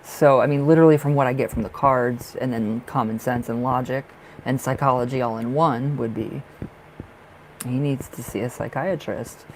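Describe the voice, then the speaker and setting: A man doing a live tarot reading for viewers, his voice rough with a gravelly edge. He rambles and circles back on himself, leans on fillers, and speaks bluntly, swearing freely. A faint hiss sits under the voice. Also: medium pitch, fairly even intonation, moderate pace, low-quality recording. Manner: rambling, emphatic, heavy on fillers. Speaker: tarot reader.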